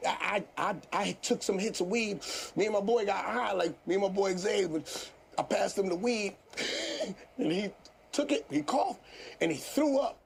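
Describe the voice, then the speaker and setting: Animated, laughing comedian man. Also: high-pitched, moderate pace, gravelly, a little hiss or hum. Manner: animated, laughs often, swears freely. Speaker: guest comedian. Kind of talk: casual interview storytelling.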